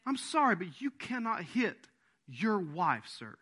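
A middle-aged man preaches with bright, piercing energy, his pitch riding high and swinging widely from phrase to phrase. He punches key words, acts out silly quoted voices, then sinks low and quiet to land a point. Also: measured pace, husky. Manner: animated, emphatic preaching with mock quotes and sudden drops to a low voice. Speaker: pastor. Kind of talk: sermon.

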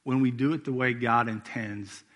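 A man's voice: medium pitch, steady tone, normal speed, a bit bright, highs cut off. A middle-aged man preaching a sermon as executive pastor, telling family stories in a casual, conversational way. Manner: storytelling with acted-out quotes, conversational.

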